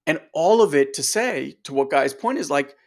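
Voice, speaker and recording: A male coach with a slightly high voice, talking straight to his audience. He is emphatic and direct and keeps throwing rhetorical questions at the listeners. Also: animated, normal speed. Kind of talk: motivational coaching talk.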